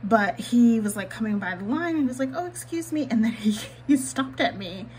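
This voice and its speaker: A woman's voice: a little high, lively intonation, fairly quick, darkish tone, a little hiss or hum, poor audio. A woman vlogger chatting candidly while she decorates her planner, swearing casually and laughing often.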